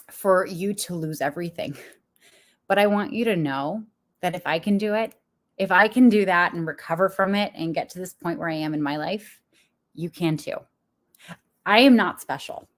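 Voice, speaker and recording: A young adult woman, a business coach, talking frankly and confessionally to viewers with frequent laughs. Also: fairly low pitch. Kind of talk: candid motivational talk to viewers.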